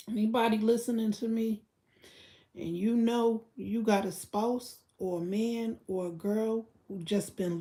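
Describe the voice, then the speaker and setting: A woman rants on a livestream and talks straight to her chat, blunt and profane. Her voice sits a little high but has a mellow, soft edge. The room around her is echoey. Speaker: livestream host. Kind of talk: casual livestream rant.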